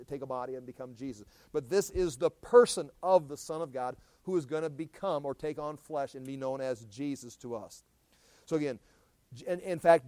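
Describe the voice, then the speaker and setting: A man's voice: fairly high pitch, a little mellow, no echo. Talkative man teaching scripture, dry sound. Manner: conversational, rambling, with restarts and asides. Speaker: pastor teaching a Bible study. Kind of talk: casual verse-by-verse Bible teaching.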